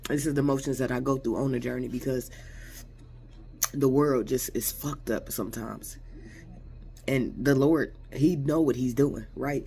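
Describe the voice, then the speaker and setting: A man vents about his spiritual journey in a reflective, repetitive way. His voice is gravelly and dark. A faint hiss of noise sits behind him. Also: medium pitch, fairly even intonation, moderate pace, pauses often. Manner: reflective, repetitive, street-slang religious talk. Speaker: vlogger. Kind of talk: emotional spiritual venting monologue.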